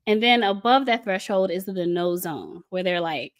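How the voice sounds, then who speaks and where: A woman talks with lively emphasis, repeating a point several times to drive it home. She explains things step by step with a diagram. Her tone stays casual, and now and then she slips into mocking voices. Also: fairly low pitch, normal speed, hardly any pauses. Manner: emphatic, breaks into laughs, repeats phrases for stress; casual, mock voices when quoting. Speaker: speaker on a panel about a church group. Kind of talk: animated talk explaining with a diagram.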